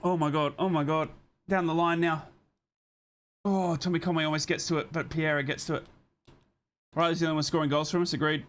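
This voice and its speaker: A young man streaming a live football watchalong, calling the match play by play and reading out chat messages, excitable and swearing freely. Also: a little high, fairly quick, long pauses.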